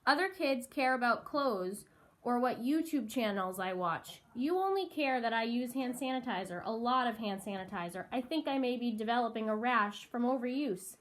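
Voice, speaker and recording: A woman's voice: fairly high pitch, animated, normal speed, fairly bright tone. A woman voicing an earnest, talkative young girl who pleads with her best friend, reading a novel aloud.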